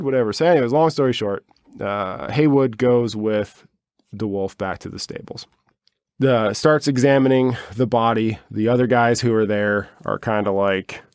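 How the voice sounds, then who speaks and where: A man's voice: medium pitch, moderate pace, clean tone, no room sound, clean studio sound. A man co-hosting a podcast, telling a story in a rambling, wry way with lots of fillers and asides. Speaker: podcast co-host. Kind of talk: casual storytelling chat.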